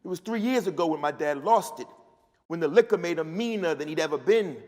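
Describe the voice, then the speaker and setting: A man's voice: on the high side, animated, a little fast, a little mellow. A man, an author, giving a live, rhythmic first-person reading of his fiction in a large festival hall. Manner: rhythmic, storytelling delivery. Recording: long hall reverb.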